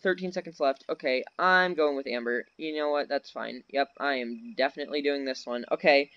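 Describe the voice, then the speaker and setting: A man's voice: medium pitch, a little fast, fairly bright tone, dry recording, lo-fi sound. A man giving live commentary on a horror game, jumpy and easily scared, breaking into nervous laughs. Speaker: gaming channel host. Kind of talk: live commentary while playing.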